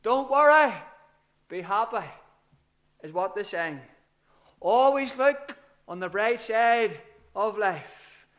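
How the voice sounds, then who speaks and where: A man's voice: sits high, lively intonation, slow, pauses often, fairly bright tone. A man preaching an earnest, emphatic sermon with rising outbursts.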